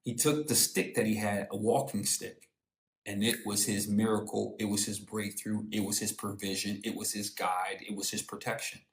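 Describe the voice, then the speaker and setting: A man's voice: lowish voice, fairly even intonation, moderate pace. A man hosting a live stream, giving a casual motivational talk in a preachy, storytelling way with slang.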